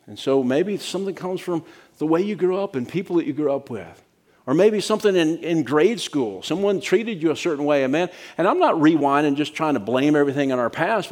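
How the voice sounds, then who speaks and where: A man's voice: fairly high pitch, a little mellow. A middle-aged man preaching a sermon as pastor, talking in a conversational, practical way and checking in with "right?" asides.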